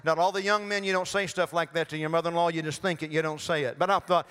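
Older guy preaching, folksy joking stories, kinda high voice, long church reverb. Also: fairly even intonation, quick pace, fairly bright tone, clean tone. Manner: folksy storytelling with humor. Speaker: guest preacher. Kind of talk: sermon. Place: church sanctuary.

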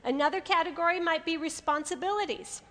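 High bright-voiced woman preaching. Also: fairly quick, big-room sound. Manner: lively, acts out inner voices with humor. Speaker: women's ministry speaker. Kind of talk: sermon. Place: hall with an audience.

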